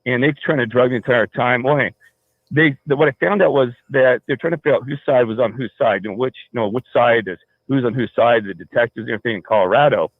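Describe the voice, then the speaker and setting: A man's voice: medium pitch, fast, no echo. Rambling man on a tinny phone line. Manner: rambling, full of restarts and fillers. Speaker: caller. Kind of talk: rambling personal story on a call-in show.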